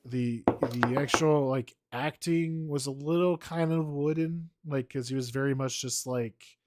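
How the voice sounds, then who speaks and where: A man's voice: mid-range voice, unhurried. A man co-hosting a casual movie podcast, rambling playfully and mimicking characters. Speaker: podcast co-host.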